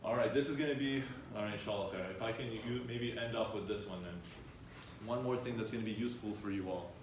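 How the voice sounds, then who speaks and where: A man's voice: lowish voice, quick pace. A man leading an interactive workshop for students, upbeat and coaxing the audience with questions. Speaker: workshop speaker. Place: room with students. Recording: echoey room, faint background noise.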